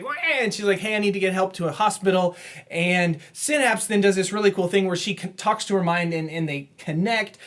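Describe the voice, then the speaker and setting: A man co-hosting a comic book podcast, casually recapping plots and quoting characters in quick put-on voices, laughing often. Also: high-pitched. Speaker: podcast co-host. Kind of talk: casual comic review chat.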